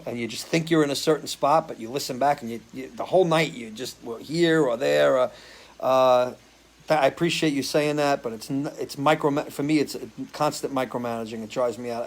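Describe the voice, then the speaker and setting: On poor audio, a man with a medium-pitched voice sings and hosts a live stream. He talks freely with his viewers, responding to comments and cursing casually.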